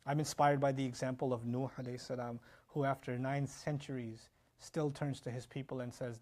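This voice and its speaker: A man giving an animated Quran lecture as an Islamic teacher, reciting Arabic verses between explanations. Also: medium pitch. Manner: animated, fast-talking, mixes in Arabic recitation.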